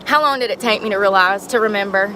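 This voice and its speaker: A woman's voice: mid-range voice, quick pace, sharp tone, slight background noise. A young woman ranting in a casual livestream, frustrated and swearing as she rambles.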